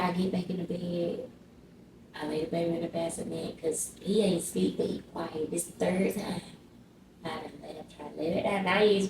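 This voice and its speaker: A woman's voice: on the low side, reverberant, recorded from a distance, noisy background. A woman vlogger telling a casual storytime, chatty and slangy, talking straight to her viewers.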